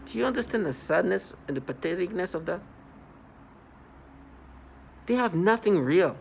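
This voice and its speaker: With a high, gravelly, expressive voice at a moderate pace, this vlogger speaks from New York City over slight background noise. His scornful monologue to viewers rambles and repeats, punctuated by mocking laughter.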